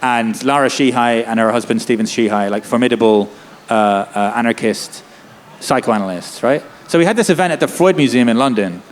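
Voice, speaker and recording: A man speaking with passion and urgency, a lawyer and activist, peppering his talk with "like" and "right?". He speaks in a festival tent, with a faint hum of noise behind him. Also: medium pitch. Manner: impassioned, rapid, many "like" and "right?" tags. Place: festival tent before an audience.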